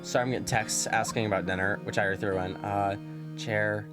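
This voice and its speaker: A woman's voice: a bass voice, steady tone, quick pace, music in the background. A woman streamer chatting casually while playing a story game, with offhand, wry asides.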